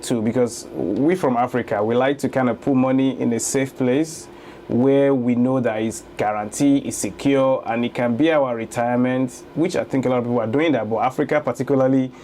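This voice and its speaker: A man's voice: mid-range voice, steady tone, a little fast, warm tone, slight background noise. A man in his thirties from Lagos with a Nigerian accent, a guest telling his story in a casual interview and laughing easily. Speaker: guest, real estate investor.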